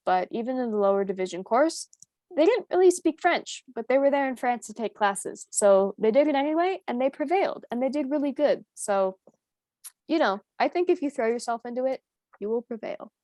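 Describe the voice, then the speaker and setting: Animated American woman, high and dry. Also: normal speed, dry recording. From United States. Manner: animated, laughing, switching between English and French. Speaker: co-host. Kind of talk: casual chat.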